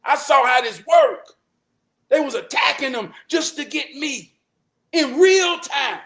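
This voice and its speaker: A man hosting a talk show, telling a real-life story in an emphatic, profane way that climbs into shouting. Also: extremely high pitch, lively intonation, slow pace. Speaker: host.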